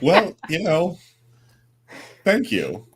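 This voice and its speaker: A man's voice: a little high, wildly swooping pitch, extremely slow, a little hiss or hum. A man chatting casually on a stream with dry, self-deprecating humor. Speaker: stream moderator.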